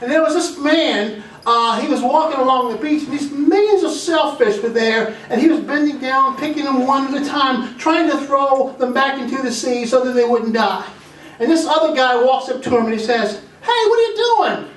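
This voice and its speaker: A man's voice: very high voice, moderate pace, a bit bright. A middle-aged man giving a homespun tribute speech about his father at a family gathering, repeating phrases and restarting sentences. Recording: roomy echo, voice from far off.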